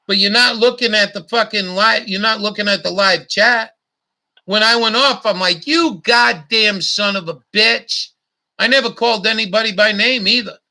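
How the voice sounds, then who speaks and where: Gravelly, bright-voiced ranting man. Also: high voice. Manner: blunt, profane, repetitive ranting. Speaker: livestream host. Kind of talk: casual livestream chat.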